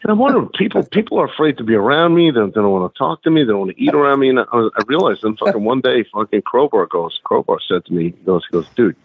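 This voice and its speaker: A man's voice: mid-range voice, sing-song, racing, creaky, hardly any pauses, breathy edge, no echo. A man, a guest and former pro wrestler, telling rambling, profane stories in casual chat with lots of restarts. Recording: tinny phone-like line, dry.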